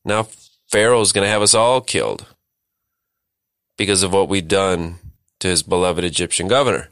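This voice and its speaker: A man's voice: low-pitched, normal speed, a bit bright, dry recording, clean studio sound. A man acting out frightened brothers worrying aloud that they will all be killed. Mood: fretful. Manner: anxious, fretful questioning. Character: frightened brothers fearing for their lives.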